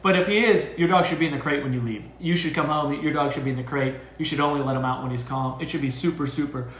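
A man giving casual dog training advice as a co-host, talking in an animated way. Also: fast talker, a little hiss or hum. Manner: animated, jumps into high acted voices for owners. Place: dog boarding facility room. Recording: echoey room.

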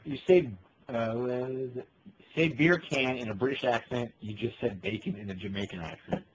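A young man with a mid-range voice talks hesitantly, pausing to find his words. The home recording is dull, with faint noise behind him. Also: medium pitch. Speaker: podcast co-host. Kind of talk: casual chat.

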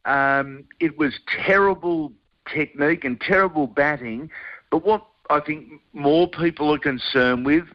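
A man's voice: a little high, unhurried, no room sound, highs cut off. An Australian man, a guest sports broadcaster, in casual radio chat, blunt and colloquial. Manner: blunt, colloquial, says mate a lot.

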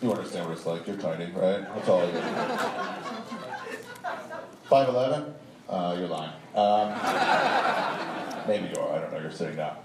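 Over a noisy crowd, a low-voiced stand-up storyteller delivers a profane, meandering comic tale at a moderate pace with frequent pauses, chuckling as he goes. The live-room recording was made from the audience and sounds far off and echoey.

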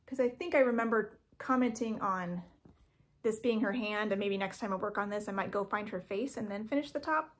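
A woman's voice: mid-range voice, a little fast. A woman vlogging about her cross stitch projects at home, chatty and rambling, correcting herself with frequent ums. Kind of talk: casual show-and-tell vlog. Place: home craft room.

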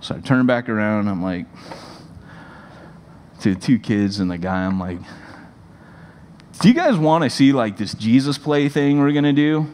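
A man preaching to a congregation, telling stories in a loose, animated way full of fillers and restarts. His voice sits at a middling pitch. The sound carries a long hall reverb. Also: normal speed, long pauses, slight background noise. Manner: animated, rambling storyteller with many fillers. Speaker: pastor. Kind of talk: sermon storytelling. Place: church hall.

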